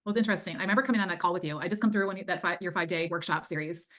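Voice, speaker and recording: A woman's voice: fairly low pitch, very fast, a bit bright. A middle-aged woman, a time management coach, telling her story as an interview guest in an earnest, faith-filled way. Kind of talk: casual interview chat.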